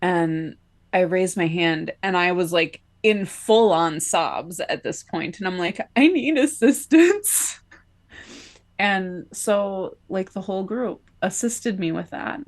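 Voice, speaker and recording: A woman's voice: fairly low pitch, takes it slowly. A woman co-hosting a podcast, telling a personal story in a casual, chatty way with lots of filler likes. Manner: chatty, many filler likes, laughs between phrases. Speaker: podcast co-host.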